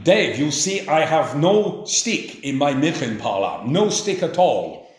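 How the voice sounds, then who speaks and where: A man's voice: on the high side, very animated, slow pace. A man voicing a proud, blunt German dairy herdsman with a German accent. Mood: boastful. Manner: boastful, emphatic. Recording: roomy echo.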